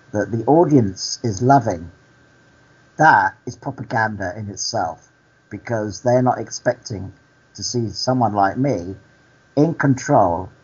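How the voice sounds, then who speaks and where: A male actor and activist, a guest in a candid interview, speaking earnestly and telling stories at an unhurried pace. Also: on the low side, darkish tone, husky, lo-fi sound.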